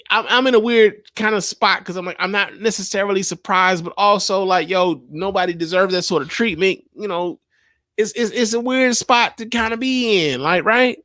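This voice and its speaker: A male podcast host from the United States rambles through his take in a casual, profane way, with lots of fillers and restarts. His voice sits a bit high for a man and sounds dry and close, with no room around it. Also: a bit bright, no echo. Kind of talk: casual commentary.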